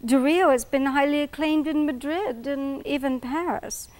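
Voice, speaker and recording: A woman's voice: high-pitched, darkish tone, natural voice. Woman doing a pompous fake-British professor. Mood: dismissive. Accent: affected British. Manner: lofty, rapid, lecturing. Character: pompous distinguished male college professor.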